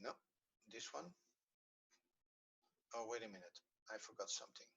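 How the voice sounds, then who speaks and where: A man's voice: fairly low pitch, moderate pace, gravelly, pushed and bright, slightly rough. A man with a Dutch accent teaching Hebrew grammar in an online class, patiently repeating rules and fumbling with the video playback.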